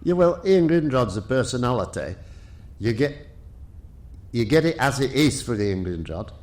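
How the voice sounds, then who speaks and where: An older man, a guest telling lively stories, laughing often and restarting his sentences. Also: mid-range voice, moderate pace. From Yorkshire. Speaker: guest, retired rally driver. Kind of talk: casual anecdotal storytelling.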